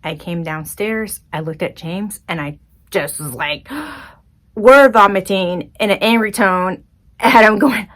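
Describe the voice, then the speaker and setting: A woman hosting her own podcast, telling a personal story in a chatty, expressive, self-deprecating way. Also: fairly low pitch, slow. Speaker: podcast host. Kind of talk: casual solo podcast storytelling.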